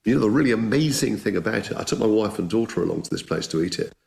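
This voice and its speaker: A man's voice: fairly low pitch, lively intonation, rapid-fire, vocal fry, darkish tone. A man telling anecdotes as an interview guest, enthusiastic and conversational, often restarting his sentences. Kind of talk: anecdotal storytelling.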